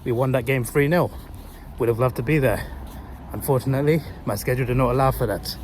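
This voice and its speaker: A man's voice: mid-range voice, fast talker. A young man chatting casually to his phone, rambling and correcting himself as he tells a story. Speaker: vlogger. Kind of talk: casual chat. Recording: noisy street with traffic. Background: passing cars and urban street noise.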